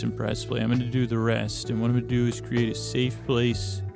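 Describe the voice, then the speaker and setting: Creaky rambling man hosting a sleep podcast. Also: medium pitch. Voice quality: creaky, gravelly. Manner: meandering, self-correcting, drowsy digressions with many fillers. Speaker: podcast host. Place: closet. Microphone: close studio mic.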